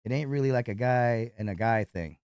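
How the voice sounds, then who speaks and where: Fast-talking man telling bar stories. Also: medium pitch, smooth, dry recording, studio quality. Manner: profane, animated retelling of a fight. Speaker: nightclub bouncer. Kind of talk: storytelling in an interview.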